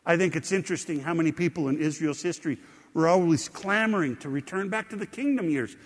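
A man's voice: fairly high pitch, fast talker, big-room sound. A middle-aged man preaching a sermon as a pastor, conversational with rising emphasis.

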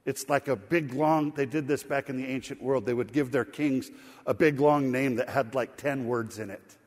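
A middle-aged man preaching a sermon, telling a folksy story with laughter in an animated way. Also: medium pitch, moderate pace. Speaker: pastor. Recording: sanctuary reverb.

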